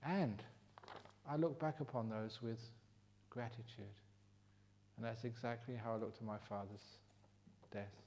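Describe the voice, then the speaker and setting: Genial older English monk giving a talk. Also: male voice, medium pitch, steady tone, unhurried, long pauses. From England. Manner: humorous, teasing, then gentle and reflective. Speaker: meditation teacher answering questions. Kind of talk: retreat Q&A talk. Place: retreat hall.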